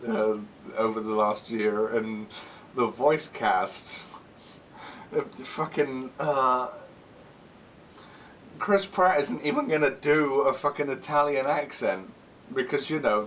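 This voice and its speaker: A man's voice: mid-range voice, a bit bright, distant mic, a little hiss or hum, low-quality recording. A man chatting casually in a vlog, rambling and candid, swearing often and laughing between remarks. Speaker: vlogger.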